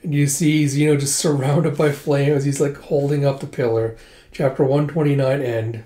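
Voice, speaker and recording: A man casually recapping a comic book, relaxed and loose with fillers. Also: medium pitch, normal speed. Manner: laid-back, with fillers and laughs. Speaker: comic readthrough host. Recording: roomy echo.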